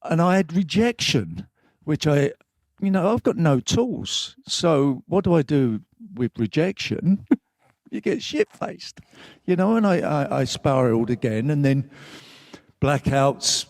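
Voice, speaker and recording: A man's voice: fairly high pitch, expressive, measured pace, a little mellow, no room sound. Candid older man telling his story. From England. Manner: candid, rambling, swearing, emotional at times. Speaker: guest. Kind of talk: live stage conversation.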